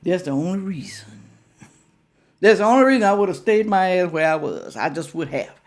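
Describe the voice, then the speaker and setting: A woman's voice: on the low side, lively intonation, brisk. An older woman talking casually to her viewers, emphatic and full of rhetorical questions. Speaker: reaction vlogger.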